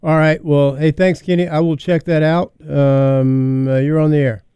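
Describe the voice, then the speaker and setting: Brief: relaxed male radio host, smooth and resonant, dry studio sound. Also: a little high, moderate pace, no echo. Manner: brief, easygoing interjections. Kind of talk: call-in radio hosting.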